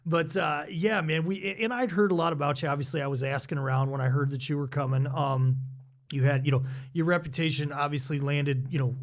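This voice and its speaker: Easygoing male podcast host, higher voice. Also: fairly even intonation, brisk. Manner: friendly and easygoing, with repeated filler phrases. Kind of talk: conversational interview.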